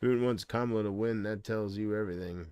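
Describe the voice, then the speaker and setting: A man's voice: lowish voice, fairly even intonation, fast talker, darkish tone, smooth, no echo, studio quality. A man chatting casually on a livestream from home, rambling and hesitant, often trailing off.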